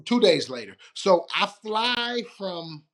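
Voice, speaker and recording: A man's voice: high voice, slow pace. A man from Detroit, a retired football player, telling stories as an interview guest, acting out the quoted lines and laughing often. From Detroit, USA. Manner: animated storyteller, acts out quotes, laughs often. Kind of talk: storytelling interview.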